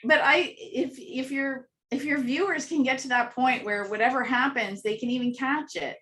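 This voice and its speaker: A woman telling animated anecdotes as an interview guest, acting out little voices and laughing often. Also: high-pitched, moderate pace. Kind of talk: casual storytelling interview.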